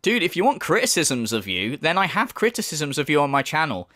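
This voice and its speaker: A man rants in a sarcastic, swearing commentary, his high voice swinging wildly up and down. The sound is close and dry, with no room around it. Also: sing-song, brisk, bright, forceful tone, dry recording. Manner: sarcastic, profane, mocking. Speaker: YouTube commentator. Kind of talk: ranting commentary.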